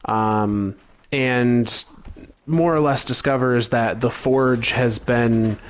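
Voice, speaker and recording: A man co-hosting a casual podcast, calmly summarizing game lore with frequent fillers. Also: medium pitch, slow pace. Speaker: podcast co-host.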